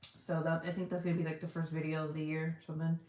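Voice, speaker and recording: A woman's voice: deep voice, level tone, fast talker, a little mellow, slight background noise. Blunt, profane woman chatting from an echoey room. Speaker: live stream host. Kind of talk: casual live chat, reading viewer comments. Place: cold room at home.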